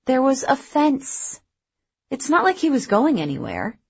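A woman's voice: high-pitched, wildly swooping pitch, measured pace, breathy edge, dull audio, pitched above the performer's own voice, exaggerated voice. A woman reading the lines of a defensive mother who insists her son was treated too harshly. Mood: insistent. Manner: insistent, pleading. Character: anxious defensive mother, middle-aged woman.

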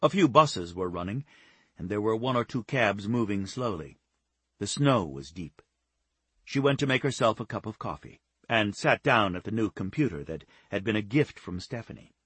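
Low, husky male audiobook narrator. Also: fairly bright tone, no echo. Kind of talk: scripted narration.

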